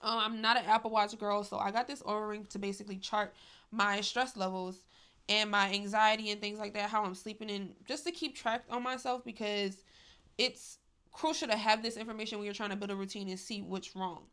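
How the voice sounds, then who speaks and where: Young woman, casual vlog, candid, emphatic, chatty, mid-pitched voice. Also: fairly even intonation, a little fast, fairly bright tone, clear, resonant tone. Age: young adult. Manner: candid and emphatic, says "y'all" and "like" often. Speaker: vlogger.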